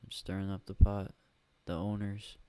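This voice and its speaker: A man's voice: sits low, level tone, moderate pace, mellow. A man hosting a solo podcast on a USB microphone, rambling and grumbling with lots of swearing. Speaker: podcast host.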